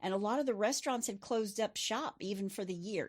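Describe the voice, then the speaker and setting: A woman's voice: medium pitch, fairly quick. A middle-aged woman hosting a true crime podcast, telling the case in a chatty way with personal asides. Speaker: podcast host. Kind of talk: true crime storytelling chat.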